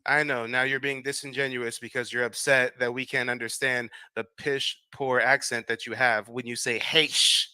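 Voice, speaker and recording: An American livestream host confronts a caller in a live debate, mocking him, making demands, and repeating his questions. His medium-pitched voice is flat, pushed and bright, at a normal pace with few pauses, recorded clean with no room sound.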